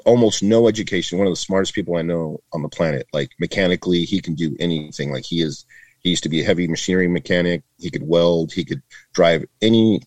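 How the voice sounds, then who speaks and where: A man's voice: low voice, fast, a little mellow, dry recording. A man in his fifties from Northern California, a retired border agent, telling stories to a podcast host in a chatty way, full of "like" and "man", acting out the voices of people he quotes. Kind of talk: casual interview storytelling.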